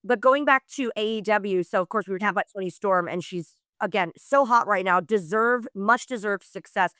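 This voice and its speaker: A woman's voice: mid-range voice, fairly quick, a bit bright, no room sound, clean studio sound. A woman hosting a podcast, chatting casually with her guest and often chiming in with agreement. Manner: chatty, affirming interjections. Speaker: podcast host. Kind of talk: casual interview chat.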